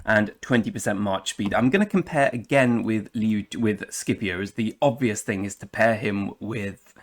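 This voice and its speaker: A man's voice: fairly low pitch, normal speed, slight background noise. An English man hosting a game commentary video, chatty and jokey, now and then slipping into playful put-on accents. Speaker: gaming channel host.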